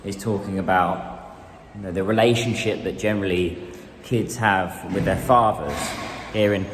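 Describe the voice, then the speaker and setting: A man's voice: deep voice, normal speed, a little hiss or hum. A man from England, talking casually and thoughtfully to the camera in a vlog. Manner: chatty and reflective, laughs while asking strangers questions in simple Mandarin. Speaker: vlogger.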